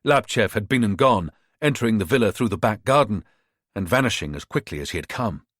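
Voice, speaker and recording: A man narrating a thriller audiobook in a measured, expressive reading. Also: on the low side, no room sound, studio quality.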